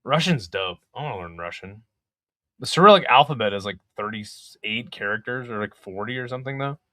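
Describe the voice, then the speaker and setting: Bright-voiced young man calling fights live. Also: on the low side, lively intonation, a little fast, dry recording, clean studio sound. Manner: chatty, swears, reads chat aloud. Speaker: live fight companion host. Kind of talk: casual live fight commentary.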